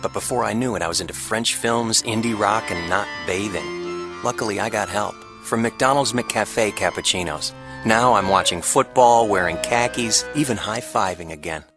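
A man plays a reformed ex-hipster, sheepish and relieved, in a radio commercial. His voice sits a little low, with guitar music playing clearly under him. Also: moderate pace, lightly acted. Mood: wry. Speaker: ad voice actor.

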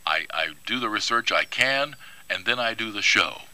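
An older man talking on air as a guest in a radio studio. His voice sits low yet comes across bright and forward. He is laid-back and dryly funny. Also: animated, moderate pace, low-quality recording. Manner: laid-back, dry humor, rich radio voice. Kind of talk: casual radio interview chat.

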